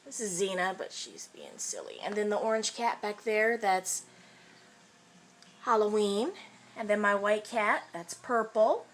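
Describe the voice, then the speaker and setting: A woman vlogger chatting casually about her pets, relaxed and rambling. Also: mid-range voice, measured pace. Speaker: pet owner vlogger. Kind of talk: casual chat.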